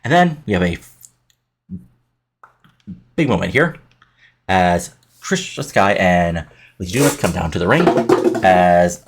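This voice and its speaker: Gravelly, deep-voiced man rambling a game recap. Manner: rambling, with fillers and self-corrections. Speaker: let's play narrator. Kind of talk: casual recap of a wrestling booking game.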